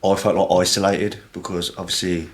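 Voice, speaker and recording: A man's voice: low-pitched, level tone, moderate pace. A young man talking casually on a podcast, rambling and swearing, with lots of fillers. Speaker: podcast guest. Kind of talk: emotional casual chat.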